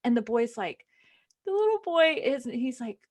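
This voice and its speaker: A woman co-hosting a podcast, casually and excitedly retelling a book she loved, with lots of fillers. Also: a little high, normal speed. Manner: animated and gushing, lots of fillers. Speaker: podcast co-host.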